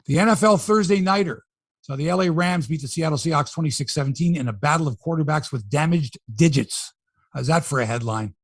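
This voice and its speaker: A man hosting a sports podcast, running through scores in a chatty, animated way with frequent asides. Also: on the high side, a little fast, dry recording, clean studio sound. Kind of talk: casual sports talk and news rundown.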